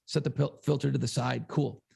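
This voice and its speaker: Gravelly, profane man telling a story. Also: medium pitch, steady tone, brisk, a little mellow. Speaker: podcast co-host. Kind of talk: casual storytelling chat.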